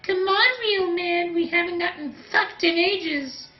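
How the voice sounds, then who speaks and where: Dude doing a sultry purring lady voice, way up high, muffled sound. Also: a little slow. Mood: seductive. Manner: purring, coaxing. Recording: roomy, dull sound, faint music.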